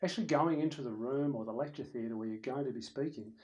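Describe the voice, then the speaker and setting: A man's voice: mid-range voice, fast, lo-fi sound. Man teaching, conversational. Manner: conversational, animated, demonstrates loud and soft voices. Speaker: presenter teaching presentation skills. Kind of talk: recorded lecture. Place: room with a camera operator.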